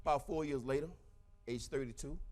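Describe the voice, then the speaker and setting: A middle-aged man giving a fiery, preacher-like motivational speech to a crowd, breaking into shouts. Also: mid-range voice, brisk. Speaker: motivational speaker.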